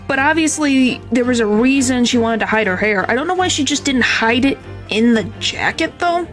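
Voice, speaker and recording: A woman's voice: on the high side, expressive, normal speed. A young woman streamer chatting casually about a game, giggly and self-deprecating as she stumbles over names. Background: faint game music.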